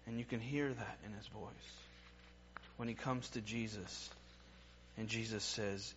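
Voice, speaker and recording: A man preaching a sermon in an earnest way. His voice goes from emphatic lines to hushed, quiet ones. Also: fairly low pitch, fairly even intonation, unhurried, highs cut off, slight background noise.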